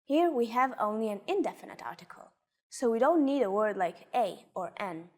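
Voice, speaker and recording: A woman co-hosting a language lesson, explaining words and sentences from a script in a clear, measured way. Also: on the high side, lively intonation. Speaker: co-host and native speaker.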